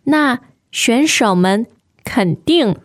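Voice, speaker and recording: Slow, careful woman co-hosting a lesson. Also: fairly high pitch, animated. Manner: slow, careful answers with short affirmations. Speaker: language teacher, co-host. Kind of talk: podcast lesson, modelling pronunciation.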